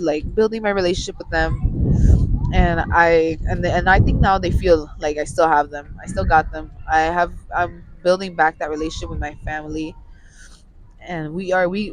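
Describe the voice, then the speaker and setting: A woman's voice: fairly low pitch, slight background noise, low-quality recording. A young woman on a podcast, talking in a casual, rambling way and often restarting her sentences. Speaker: podcast co-host. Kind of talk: casual chat. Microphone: studio mic.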